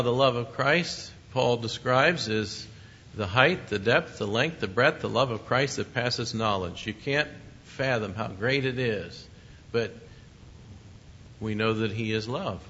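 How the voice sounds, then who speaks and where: A man's voice: medium pitch, moderate pace, a bit bright, a little hiss or hum. A man preaching a sermon in a conversational way, with asides to his listeners and short chuckles. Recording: muffled lo-fi recording.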